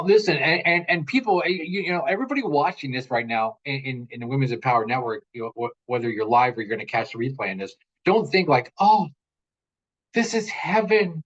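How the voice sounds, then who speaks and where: A man in his forties, a parent and interview guest, telling stories in an earnest, animated way and often repeating his words. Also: fairly high pitch, muffled recording. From United States. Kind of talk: casual interview chat.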